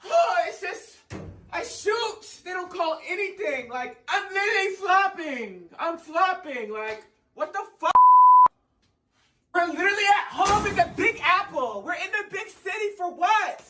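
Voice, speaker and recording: A performer putting on a whiny, high-voiced male basketball player who complains over the top. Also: wildly swooping pitch, a little slow, long pauses, noisy background. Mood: exasperated. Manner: shrill, exaggerated whining. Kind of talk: comedic impression.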